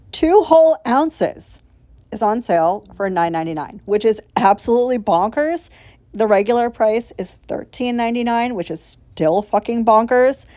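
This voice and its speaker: A woman's voice: mid-range voice, dark tone, no echo. A woman giving a chatty, casual voiceover for a nail tutorial, gushing and swearing casually as she explains each step. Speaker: nail vlogger. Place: voiceover recorded separately from the video.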